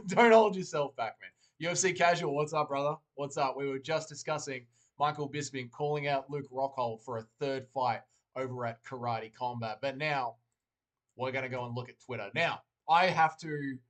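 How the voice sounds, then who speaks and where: A man's voice: medium pitch, fairly bright tone. A man hosting a casual livestream, joking and rambling while reading chat aloud from a desk mic. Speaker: livestream host.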